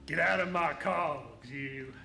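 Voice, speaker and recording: A man's voice: fairly high pitch, slow, creaky, loud music behind the voice. A man voicing a small mechanical male gnome cowboy with a folksy western drawl, recorded in an echoey room. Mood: friendly drawl.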